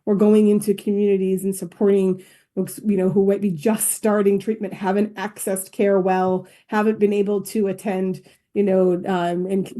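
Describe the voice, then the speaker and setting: A woman co-hosts an interview with a warm, mellow voice at a middling pitch. She is reflective and affirming, working through her thoughts aloud. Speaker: podcast co-host. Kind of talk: interview conversation.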